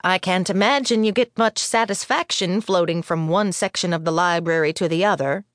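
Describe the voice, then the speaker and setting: A woman's voice: fairly low pitch, normal speed, no echo, studio quality, natural voice. A woman voicing a sullen, reluctant middle-aged female head librarian who speaks in a stiff, grudging way.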